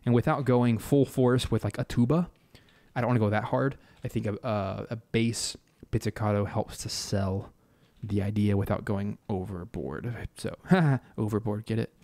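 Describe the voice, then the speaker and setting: Low, mellow-voiced man thinking aloud. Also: steady tone, normal speed. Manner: thinks aloud, hums and scats melody ideas. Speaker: composer hosting a live stream. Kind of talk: casual live-stream commentary on composing.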